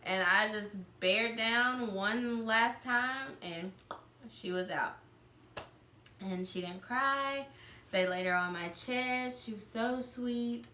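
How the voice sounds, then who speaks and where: Bright chatty woman doing a storytime vlog, says like a lot, echoey room. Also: a little high, slow, a little hiss or hum. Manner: chatty, with many "like" fillers. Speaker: vlogger. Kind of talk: casual storytelling. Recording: roomy echo.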